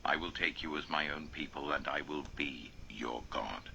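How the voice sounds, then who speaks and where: A man reading scripture aloud in a slow, solemn way, his voice often sinking to a near whisper. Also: very deep voice, vocal fry, bright, forceful tone, a little hiss or hum, poor audio.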